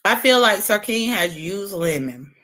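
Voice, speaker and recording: A woman livestreamer trash-talks in a bright, forceful voice. Her pitch swings widely as she taunts and curses, chewing a lemon between lines. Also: unhurried. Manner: brash, profane, taunting; animated, talks while eating a lemon. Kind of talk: casual livestream trash talk.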